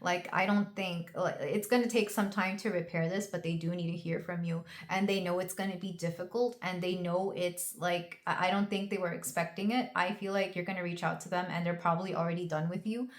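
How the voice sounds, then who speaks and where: A woman's voice: fairly low pitch, steady tone, fairly quick, hardly any pauses. A young woman doing a casual tarot reading to camera, talking in an emotional, rambling way with many fillers and restarts. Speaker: tarot reader. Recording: roomy echo.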